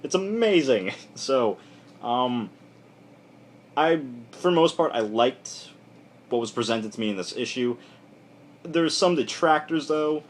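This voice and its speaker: A man's voice: mid-range voice, slight background noise. A young man giving a casual, rambling spoken review with frequent fillers and restarts. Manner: rambling, loose and offhand, lots of "like" and restarts. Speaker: comic book reviewer.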